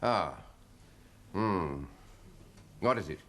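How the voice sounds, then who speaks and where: Stern senior consultant, bright, lively delivery. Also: male voice, low voice, very slow, heavily acted. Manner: stern, lecturing, authoritative. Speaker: senior doctor.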